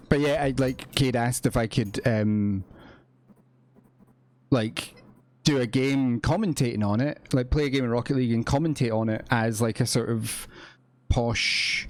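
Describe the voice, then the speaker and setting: A man playing a posh, excitable news reporter with a radio-presenter voice, calling his partner "my darling" in a role-play game. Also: mid-range voice, a little hiss or hum, close to an everyday voice.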